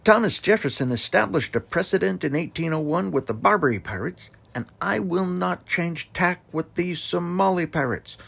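A man voicing a stern male president giving a forceful speech to the nation in a husky, gravelly voice. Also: high-pitched, animated, normal speed, few pauses, pitched above the performer's own voice, exaggerated voice. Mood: stern resolve.

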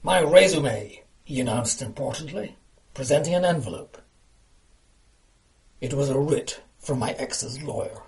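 A reader delivering short fiction aloud in a dry, deadpan way. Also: medium pitch, unhurried, long pauses. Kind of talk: reading flash fiction aloud.

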